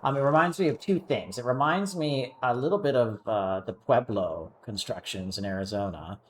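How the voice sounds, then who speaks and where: A man's voice: mid-range voice, normal speed, slight background noise. A man streaming a game live, talking in a rambling, hesitant way with many fillers.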